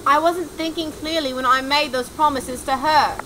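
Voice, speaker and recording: A woman's voice: sits high, steady tone, normal speed, noisy background, lightly acted. A woman playing a pleading, lovesick young male wizard. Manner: pleading, dramatic declarations.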